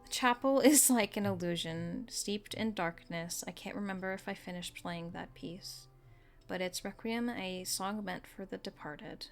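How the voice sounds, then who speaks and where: A woman streaming a video game, reading its story text aloud in a soft, level voice. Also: mid-range voice, unhurried. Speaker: gaming streamer.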